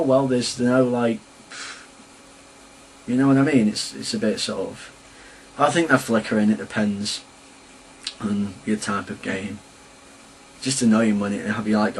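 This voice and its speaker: A man's voice: mid-range voice, slight background noise, low-quality recording. A young man from Sheffield with a Sheffield English accent, rambling and chatty as he rants casually to camera in a vlog. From England. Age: young adult. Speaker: vlogger.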